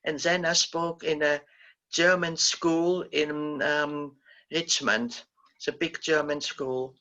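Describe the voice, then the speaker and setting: An older woman, a Holocaust survivor, gently recounting her memories as a guest speaker, pausing and restarting often. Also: sits low, steady tone, muffled recording. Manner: halting, gentle storytelling with frequent restarts. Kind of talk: recounting personal memories in a talk.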